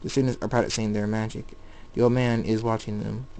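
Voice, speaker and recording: A man's voice: lowish voice, flat delivery, mellow, poor audio. Man reading a fan story plainly. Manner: plain, halting narration with restarts.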